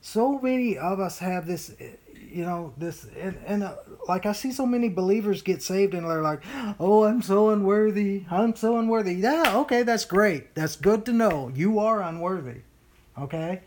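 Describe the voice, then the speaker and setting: A Bible study leader teaching informally to a small group, animated, often acting out whiny voices, with many fillers and restarts. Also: medium pitch, normal speed, slight background noise.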